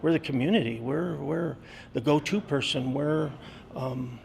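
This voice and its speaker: A school custodian in his sixties, talking earnestly in an interview with many pauses and fillers. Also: fairly high pitch, vocal fry, a little mellow, a little hiss or hum. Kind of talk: interview storytelling.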